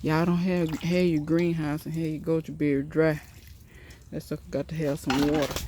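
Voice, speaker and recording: A woman's voice: lowish voice, slight background noise. A woman giving a casual, rambling tour of her backyard garden and greenhouse, talking straight to her viewers in a folksy way while filming on a handheld phone. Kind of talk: casual walk-and-talk tour.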